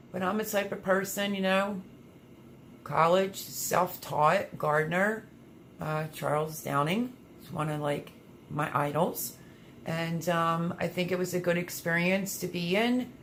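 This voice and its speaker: A woman's voice: deep voice, a bit bright, slight background noise. A woman hosting a casual gardening livestream, chatting and reading viewer comments aloud with lots of fillers. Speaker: livestream host reading chat.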